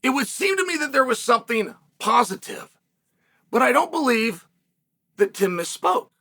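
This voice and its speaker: A combat sports commentator hosting his own solo show speaks at a moderate pace, his very high-pitched voice sharp in tone and full of big pitch swings. He's emphatic, poses rhetorical questions, and sometimes raises his voice.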